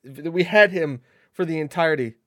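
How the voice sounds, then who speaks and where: A man's voice: fairly high pitch, normal speed, a bit bright, no echo, clean studio sound. A man co-hosting a casual gaming podcast, rambling and self-mocking, often repeating words as he talks. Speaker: podcast co-host. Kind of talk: casual chat.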